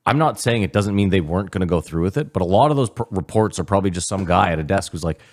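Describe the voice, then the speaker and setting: A man with a very low, deep voice trading jokes on a podcast. He talks in an animated, playful way, often dropping into little impressions of other people. The chat is loose and casual. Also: fast talker. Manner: animated, slips into put-on voices and laughs often.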